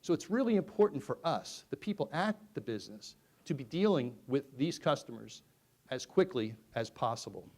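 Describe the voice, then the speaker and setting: A middle-aged man gives a conference presentation in an ordinary mid-pitched voice. He talks to the room like a conversation, pushing some words out loud and dropping others to a near murmur. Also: normal speed. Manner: animated storyteller, swings from loud to hushed. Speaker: conference speaker. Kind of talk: presentation to an audience.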